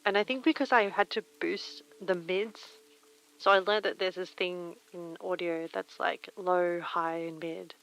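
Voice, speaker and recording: A young woman streamer chatting softly and reading poems aloud in a breathy, near-whispered voice through a retro telephone-style mic filter. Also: on the low side, steady tone, a little slow. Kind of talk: casual chat and poetry reading. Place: home streaming room. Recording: filtered lo-fi mic with faint rain.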